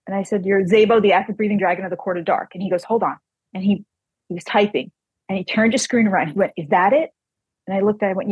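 A woman author telling an animated personal anecdote in casual chat, quoting the people in it. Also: medium pitch, slightly rough, no room sound.

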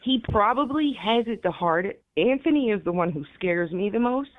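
A woman's voice: medium pitch, animated, moderate pace, no echo. A middle-aged woman talking as a guest caller in an interview, rambling and quoting her family. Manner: rambling, repeats herself, quotes family members. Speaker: grieving mother, guest caller. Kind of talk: emotional interview talk. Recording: tinny phone line, dry.

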